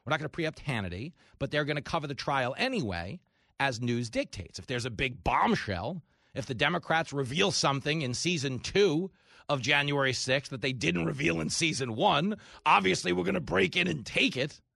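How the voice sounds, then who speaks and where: A sarcastic male talk radio host with a high, gravelly voice that swings widely in pitch. His tone is bright and pointed, and he mocks his targets with exaggerated voices. The studio sound is dry and close. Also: lively intonation, normal speed, no echo. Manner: sarcastic, mocks opponents in shrill mimicking voices. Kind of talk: opinionated monologue.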